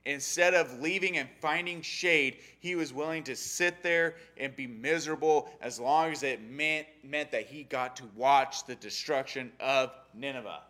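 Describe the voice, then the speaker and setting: Bright-voiced man teaching a Bible story. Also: medium pitch, unhurried, hardly any pauses. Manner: animated, acting out the characters' lines. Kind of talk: casual sermon on a Bible story.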